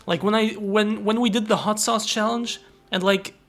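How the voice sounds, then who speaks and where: A woman's voice: mid-range voice, fairly even intonation, normal speed, soft background music. A young woman streaming live, chatting casually with viewers, thanking them and swearing freely.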